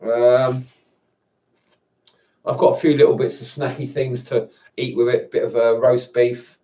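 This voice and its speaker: Man vlogger, mid pitch, rambling and hesitant, heard from a distance at home. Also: level tone, measured pace, mellow, muffled recording. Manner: rambling, hesitant, chuckling often. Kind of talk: casual solo live-stream chat. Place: indoors at home. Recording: voice distant from the mic.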